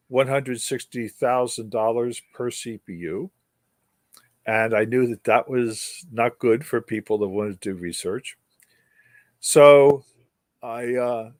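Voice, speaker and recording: A man's voice: medium pitch, dry recording, clean studio sound. An older man telling a long story with wry humor and emphatic repetition, as a guest speaker. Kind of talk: storytelling in an interview.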